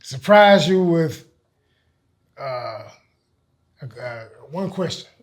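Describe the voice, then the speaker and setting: A man's voice: fairly high pitch, animated, drawn-out words. A man, an easygoing interviewer who talks with some hesitation. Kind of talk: casual interview chat.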